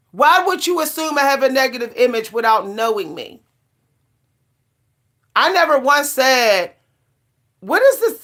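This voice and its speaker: A middle-aged woman with a fairly high voice rants casually to her camera. She talks emphatically and circles back to her points with short, punchy refrains. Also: a bit bright. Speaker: vlogger.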